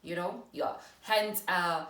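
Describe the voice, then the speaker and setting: A young South African woman giving a casual how-to talk to her viewers, chatty and quick to correct herself. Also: fairly low pitch, a bit bright, recorded from a distance. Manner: chatty, apologetic self-corrections. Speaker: vlogger. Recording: echoey room, voice off-mic.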